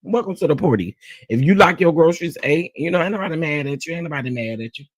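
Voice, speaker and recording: A man's voice: on the high side, animated, fast, dry recording. A man hosting a celebrity gossip show in casual, sassy commentary, repeating phrases for emphasis and talking straight to his viewers. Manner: addresses viewers as "y'all". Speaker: host of a celebrity gossip channel.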